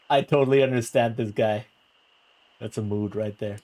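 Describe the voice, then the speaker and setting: A man's voice: on the low side, steady tone, moderate pace, darkish tone. A man streaming a role-playing game, commenting with wry amusement and reading the dialogue aloud.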